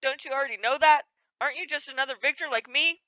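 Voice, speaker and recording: A woman voicing an unborn male fetus, a double of the hero, speaking in a calm, matter-of-fact way. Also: high voice, fast, no room sound, lo-fi sound.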